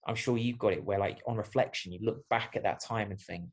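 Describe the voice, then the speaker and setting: Male podcast guest, fairly low voice, thoughtful and meandering. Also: a little fast. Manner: reflective, rambling, many fillers. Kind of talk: casual podcast chat.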